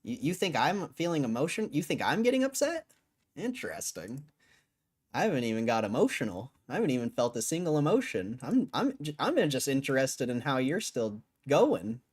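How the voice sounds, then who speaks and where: A man's voice: medium pitch, very animated, normal speed, a little mellow, slightly rough. Guy live streaming, arguing w chat, cussing and chuckling, sounds tired from hours on air. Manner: argumentative, swears, laughs between lines. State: tired after a long stream. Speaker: livestreamer.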